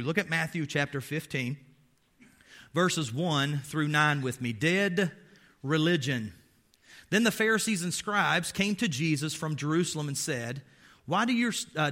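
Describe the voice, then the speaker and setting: A man's voice: fairly high pitch, a bit bright. A man preaching a sermon as pastor, emphatic and quizzing his listeners with rhetorical questions, with folksy, wry asides.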